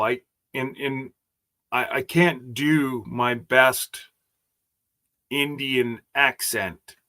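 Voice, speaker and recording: A man's voice: mid-range voice, a bit bright. A man hosting a casual livestream chat, rambling and joking as he stumbles over his words. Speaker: host.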